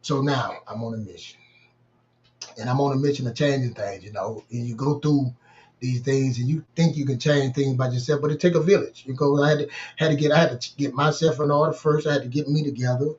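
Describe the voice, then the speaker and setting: A man's voice: medium pitch, steady tone, a little fast, a little mellow, dull audio. A middle-aged man hosting a podcast, telling a personal story in an emphatic, repetitive, vernacular way. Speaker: podcast host.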